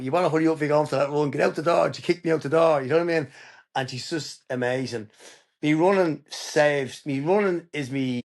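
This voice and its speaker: An Irish man speaking as a podcast guest, telling his personal story in an earnest, emphatic way. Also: mid-range voice. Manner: earnest, emphatic, tells stories openly.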